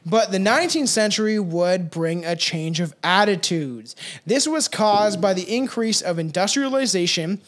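A man's voice: sits high, normal speed. A man co-hosting a casual podcast, swearing freely and reading out history facts between jokes. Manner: profane, animated, reads facts aloud. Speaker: podcast co-host. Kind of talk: casual chat.

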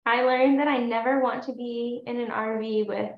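A young woman with a slightly high voice chats on a podcast, giggly and hesitant, filling gaps with "like" and "um". Her audio is roomy and echoey with a dull, lo-fi edge. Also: steady tone, normal speed. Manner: giggly, hesitant, many fillers. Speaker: podcast co-host. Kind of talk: casual chat.

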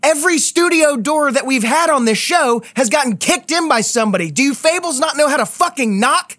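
A man hosting a comedy show, complaining in quick, exasperated, cursing banter. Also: extremely high pitch, animated, bright, forceful tone. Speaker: podcast host.

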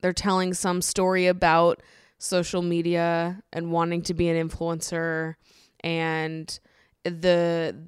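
A woman with a fairly low, smooth and clear voice rambles through a casual solo podcast. She talks loosely and chattily, drops swear words freely and breaks into laughter often. The sound is dry and close, with no room around it. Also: completely flat delivery, slow, no room sound. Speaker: podcast host.

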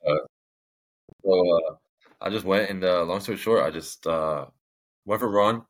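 Young guy with a super deep voice, rambling through his own story on a podcast, lots of restarts. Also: moderate pace. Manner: rambling, with frequent restarts and fillers. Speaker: podcast guest. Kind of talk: candid personal storytelling.

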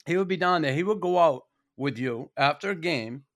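A man hosting a podcast, chatting about old-time hockey with plenty of swearing and animated retelling. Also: fairly high pitch, normal speed. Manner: profane, animated storyteller. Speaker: podcast host. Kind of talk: casual chat.

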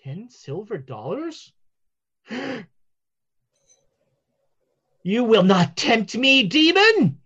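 A game master voicing a paranoid, excitable male fortune teller who shouts accusations at everyone. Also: very high voice, drawn-out words, pauses often, slightly rough, heavily acted. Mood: suspicious. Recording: dull lo-fi audio.

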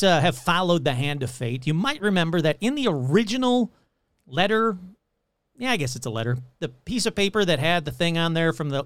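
Lively, high-voiced man hosting a podcast. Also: clear, resonant tone, no echo. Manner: rambling, self-mocking and playful. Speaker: podcast host. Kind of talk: casual podcast chat.

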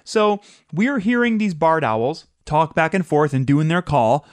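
A podcast host in casual chat, an animated storyteller who likes to mimic sounds. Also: mid-range voice, a little slow, no room sound.

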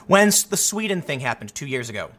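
A man talking through a casual commentary monologue, animated and often restarting his sentences. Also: medium pitch, fast. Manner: animated, repeats himself, many restarts. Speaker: commentary host.

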